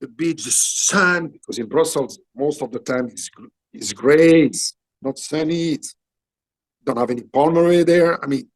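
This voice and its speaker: A man in his sixties from Belgium, speaking English with a French accent, animatedly telling a story in halting English and acting out what people said. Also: a little high. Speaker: interview guest, actor. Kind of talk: storytelling interview.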